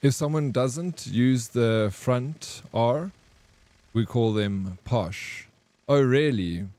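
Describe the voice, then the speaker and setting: A man's voice: mid-range voice, very slow, darkish tone, dry recording. A South African man chatting casually with his viewers during a live game stream, reading and answering their comments. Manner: chatty, laid-back, reads and answers chat.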